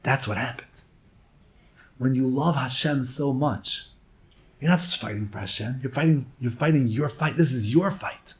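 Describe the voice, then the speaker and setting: A man teaching a Torah lecture as a rabbi, emphatic and swinging between hushed and loud phrases. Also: medium pitch. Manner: slow, drawn-out emphasis.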